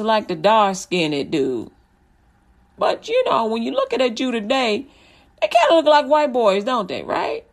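A woman's voice: a little high, creaky. A woman hosting a Christian radio show, preaching in a casual, joking way, often laughing and acting out little scenes as she talks. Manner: laughs often, storytelling with acted-out quotes.

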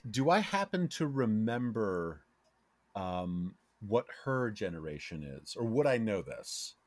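Guy playing a tabletop rpg, low voice, lots of ums. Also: sing-song, a little slow, no echo. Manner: hesitant, filler-heavy. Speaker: player. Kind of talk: casual tabletop play.

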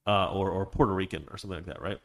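A man's voice: low-pitched, steady tone, very fast, creaky. A man hosting a home livestream, reading viewer messages and giving opinionated commentary that rambles and restarts often. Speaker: live stream host.

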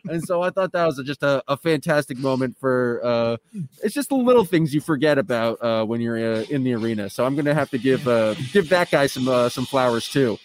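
A man hosting a casual sports podcast, chatting in a relaxed way with frequent filler sounds. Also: mid-range voice, fairly quick. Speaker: podcast host.

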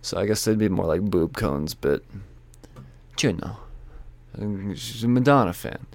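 Man, gravelly voice, casual rambling chat, profane and jokey, dry close sound. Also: fairly low pitch, animated, a little slow, no echo. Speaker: comic book shop owner reviewing weekly releases. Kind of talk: casual solo chat about new releases.

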